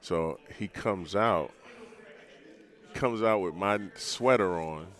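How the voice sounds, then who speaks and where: Deep-voiced older man telling stories. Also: takes it slowly. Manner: relaxed, rambling, frequent restarts and laughs. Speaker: former pro basketball player, guest. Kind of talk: storytelling in a podcast interview.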